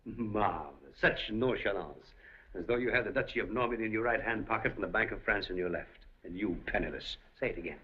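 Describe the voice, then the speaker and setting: An actor playing a suave, scheming café proprietor in a 1930s film, speaking in an urbane, deliberate way. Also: male voice, on the low side, breathy edge. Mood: sly. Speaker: café owner. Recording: dull 1930s film soundtrack.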